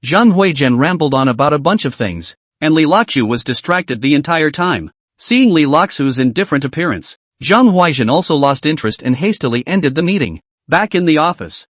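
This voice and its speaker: A man narrating a story recap in a steady, scripted storytelling manner. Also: on the high side, no room sound.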